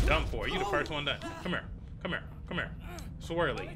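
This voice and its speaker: Casting note: male gameplay streamer. Lively, swinging delivery, trash-talks and repeats lines, loud game music behind him. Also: medium pitch, brisk. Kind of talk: casual gameplay commentary.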